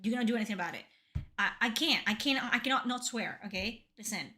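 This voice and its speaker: Young woman game streamer: sharp, bright tone, blunt and emphatic, swears freely. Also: a little high, fast talker. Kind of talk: livestream game reaction.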